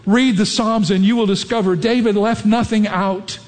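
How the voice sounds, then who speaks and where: A man's voice: high voice, steady tone, moderate pace, darkish tone. A man preaching a sermon as a pastor. He talks earnestly and acts out sample prayers. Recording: long echo of a large hall.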